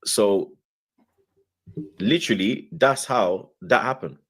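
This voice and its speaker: A young man, telling a story in casual, slangy chat and acting out what people said in a higher voice. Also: takes it slowly, breathy edge. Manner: animated storyteller, slangy, acts out quotes in a higher voice. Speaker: show host.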